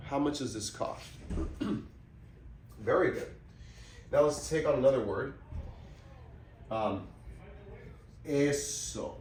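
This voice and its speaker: A man teaches pronunciation at a very slow, deliberate pace, splitting each word into syllables and saying them again and again. He clears his throat often. His voice sits a little back from the mic in an echoey room with a faint hum of ambience behind him. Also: mid-range voice, distant mic. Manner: patient, breaks words into syllables and repeats them. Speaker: Spanish teacher.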